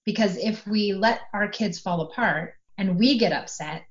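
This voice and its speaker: Calm woman explaining parenting, lo-fi. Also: mid-range voice, moderate pace. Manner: calm, explanatory, acts out quoted dialogue. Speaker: parenting guest. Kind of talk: podcast conversation.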